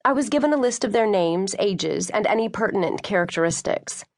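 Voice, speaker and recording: A woman narrating a first-person novel as an audiobook, expressive storytelling. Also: medium pitch, fairly quick. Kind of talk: scripted narration.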